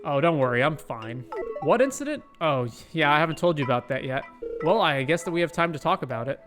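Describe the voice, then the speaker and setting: A man voicing a young male sorcerer, a caring brother, reading his lines in a gentle, apologetic way. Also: fairly high pitch, fast, lightly acted. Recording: loud game music behind.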